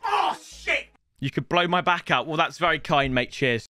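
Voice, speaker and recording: A young man giving excitable, swear-filled commentary on his football video game, often yelling at the game. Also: fairly high pitch, normal speed, dry recording, faint music behind. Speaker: gaming YouTuber. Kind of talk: let's-play gaming commentary.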